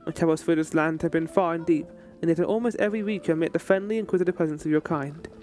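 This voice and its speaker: A man voicing a calm, stoic young woman warrior in a measured, grave tone, lower than his own talk. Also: faint music behind, natural voice.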